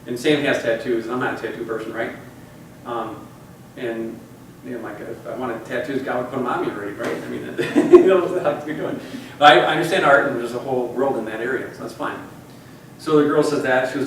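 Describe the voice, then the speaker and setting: A man's voice: mid-range voice, fairly quick, a little hiss or hum. 50s guy rambling thru a story to a group, folksy, lots of "you know", echoey room, far from the mic. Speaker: speaker addressing a group. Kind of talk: personal storytelling.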